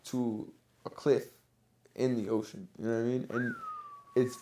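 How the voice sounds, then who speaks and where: A man hosting a podcast, telling a story in casual chat, animated and swearing freely. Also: mid-range voice, a little slow, background noise. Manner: animated, swears often, slangy. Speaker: podcast host.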